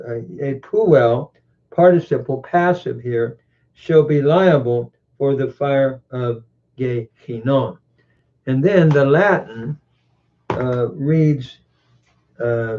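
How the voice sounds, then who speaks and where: A man teaching scripture, reading verses in several languages and explaining their grammar with frequent pauses and self-corrections. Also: mid-range voice. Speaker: Bible teacher. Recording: muffled lo-fi recording.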